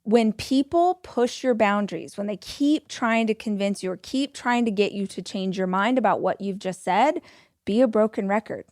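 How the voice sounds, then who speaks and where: A woman's voice: medium pitch, moderate pace, a little mellow, no room sound, clean studio sound. A woman in her forties hosting a podcast, giving firm, emphatic self-help advice in a motivational monologue. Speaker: podcast host.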